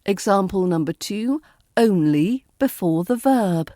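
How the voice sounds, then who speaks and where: Woman, RP British accent, pronunciation coach, very slow and careful, mellow tone, dry close sound. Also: medium pitch, lively intonation, dry recording. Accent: southern British English, RP. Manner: slow, deliberate, repeats each example word. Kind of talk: pronunciation lesson.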